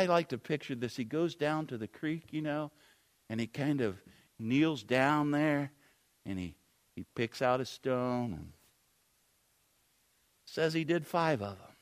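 Guy preaching a sermon, rambly storytelling, lots of you know and ums. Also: mid-range voice. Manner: rambling storytelling with many fillers.

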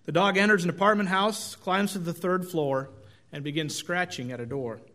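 A man's voice: high voice, moderate pace, sharp tone. A middle-aged male pastor giving a conversational, self-deprecating sermon with folksy storytelling.

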